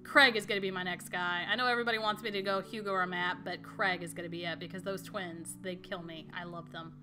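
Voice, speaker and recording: A woman's voice: lowish voice, steady tone, quick pace, over music. A young woman hosting a let's-play, reading game dialogue aloud with giggly, self-mocking asides.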